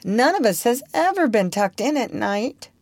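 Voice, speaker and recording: A woman's voice: a little high, big pitch swings, moderate pace, no echo, voice pushed up. A woman voicing a cocky, cunning young boy in a storybook reading, boastful and coaxing. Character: cocky, cunning boy Peter who never grows up.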